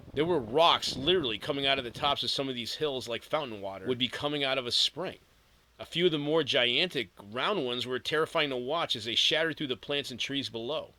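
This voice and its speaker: A man narrating an audiobook in a steady storytelling read with vivid emphasis. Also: mid-range voice, no echo, low-quality recording.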